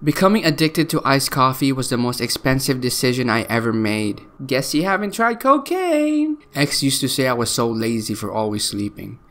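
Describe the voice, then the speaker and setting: A man's voice: mid-range voice, a bit bright. A man hosting a video, reading tweets aloud and mocking them with sarcastic comments and frequent laughter. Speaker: video host.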